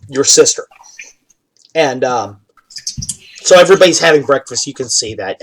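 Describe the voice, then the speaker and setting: A man narrating a tabletop game in easy, casual speech. He keeps pausing on "uh" and "um" as he sets the scene for the players. His voice sits at an ordinary middle pitch. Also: poor audio. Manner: relaxed, with many fillers. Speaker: dungeon master.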